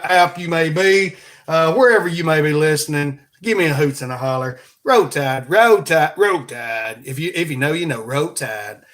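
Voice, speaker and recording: A man's voice: a little high, lively intonation, normal speed, a bit bright. A man with an Alabama accent hosting a podcast in a folksy, rambling, joking monologue. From Alabama, USA. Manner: folksy, joking, plugs merch. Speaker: podcast host.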